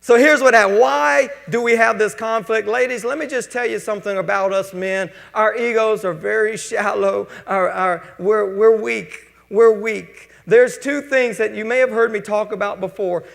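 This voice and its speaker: A man with a drawl preaches with folksy, joking energy, his voice sitting unusually high with a gravelly edge. The sound carries long reverb from a church sanctuary. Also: moderate pace, hardly any pauses, fairly bright tone. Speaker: pastor. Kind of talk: sermon.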